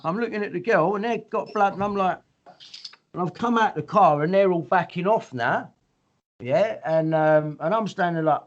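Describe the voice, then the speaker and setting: A man's voice: high-pitched, lively intonation, normal speed. A middle-aged man tells a story in blunt, rambling casual speech, swearing often and acting out what people said. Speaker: guest. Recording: muffled lo-fi audio.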